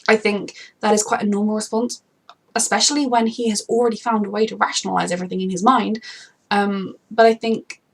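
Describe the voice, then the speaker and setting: Husky-voiced woman gushing about a TV show. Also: mid-range voice. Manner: gushing, rambling, emphatic about favourite characters. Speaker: TV reaction vlogger. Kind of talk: casual unscripted commentary.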